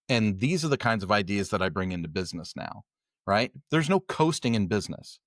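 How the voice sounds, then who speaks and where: A man's voice: fairly low pitch, expressive, brisk, no echo, clean studio sound. A middle-aged man co-hosting a podcast, telling a long story in casual chat and acting out the dialogue he quotes. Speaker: podcast co-host.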